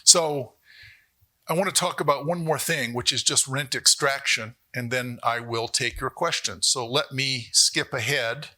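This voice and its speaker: A man giving a university economics lecture, animated, with jokey asides and rhetorical questions to the audience. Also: medium pitch, a little slow. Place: lecture hall.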